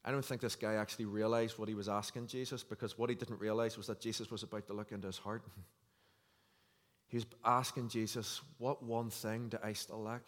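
A man's voice: lowish voice, level tone, fairly quick. Man preaching in a reverberant hall. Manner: earnest, conversational preaching with scripture reading. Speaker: pastor. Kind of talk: sermon. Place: church hall.

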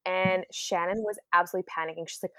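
A woman co-hosting a wedding podcast, telling a story in casual chat, giggling and animated. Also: on the low side, fast talker, no room sound, clean studio sound. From Canada. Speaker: podcast co-host.

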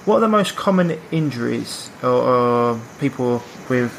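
A man's voice: mid-range voice, expressive, unhurried, creaky, slight background noise. A man hosting a podcast, asking questions casually and restarting his sentences often. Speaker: podcast host.

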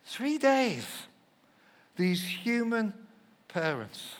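High-voiced pastor telling a story. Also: male voice, measured pace. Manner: animated storyteller, shouts when acting out quotes, drops to soft asides. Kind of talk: sermon with personal story.

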